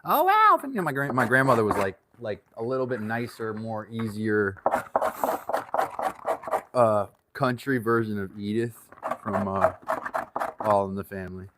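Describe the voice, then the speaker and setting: Brief: laid-back male workshop host chatting with jokes, loud scraping and clicking noise close by. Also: lowish voice, steady tone, measured pace, long pauses. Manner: rambling, joking asides. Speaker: channel host. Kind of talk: casual workshop livestream chat.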